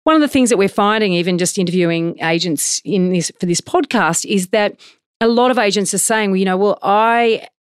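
A middle-aged woman who hosts an interview podcast and asks long, chatty, animated questions. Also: mid-range voice, fairly quick, clear, resonant tone, no echo, clean studio sound. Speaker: podcast host.

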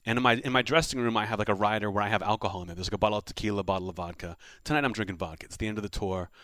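A man's voice: on the low side, racing, dry recording. A man who is a comedian guest, telling a story in casual chat and acting out the quotes. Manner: animated anecdote teller, acts out quotes.

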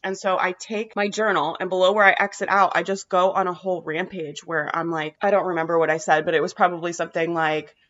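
Emphatic woman vlogger, low voice. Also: steady tone, fast talker, few pauses, fairly bright tone, lo-fi sound. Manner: emphatic, casual swearing, frequent "right?" tags. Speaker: mental health vlogger. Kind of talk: motivational monologue to viewers.

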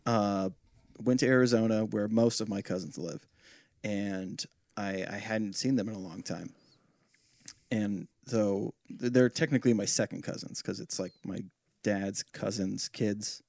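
A man's voice: a little slow, gravelly, no echo, clean studio sound. A man co-hosting a casual comedy podcast, telling stories and jokes. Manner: storytelling, joking, very animated pitch.

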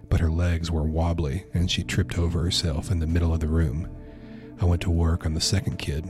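Deep-voiced male narrator, tense horror reading over soft music. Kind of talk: first-person horror story narration.

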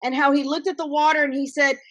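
Emphatic high-voiced woman author. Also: fast, a crowd in the background. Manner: emphatic, animated storyteller. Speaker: guest author. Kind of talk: conversational interview.

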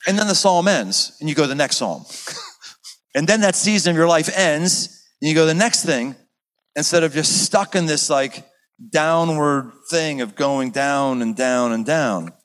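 A pastor teaching in a sermon style, animated and dramatic, acting out the scenes he describes. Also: a little high, measured pace, low-quality recording.

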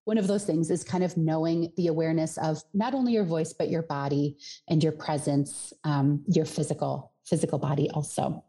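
A woman's voice: low-pitched, steady tone, normal speed, mellow. A woman from Colorado who coaches voice and singing, explaining in a podcast interview and sometimes demonstrating with her own voice.

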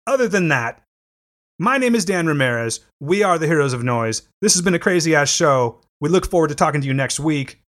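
A man's voice: a little high, expressive, fairly quick, fairly bright tone. A man hosting a podcast in casual chat, loose, rambling and profane. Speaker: podcast host.

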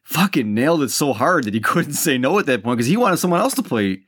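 A man co-hosting a casual movie podcast, excitable and swearing freely as he recaps scenes. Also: mid-range voice, fast, husky. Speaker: podcast co-host.

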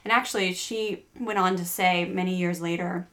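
A woman's voice: lowish voice, steady tone, moderate pace, a bit bright. A middle-aged woman hosting a parenting podcast, telling a family story in a chatty way with many fillers and restarts. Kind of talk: casual podcast chat.

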